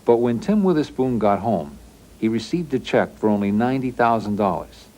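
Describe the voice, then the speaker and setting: A man narrating a documentary in a steady, factual, scripted delivery. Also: medium pitch, moderate pace.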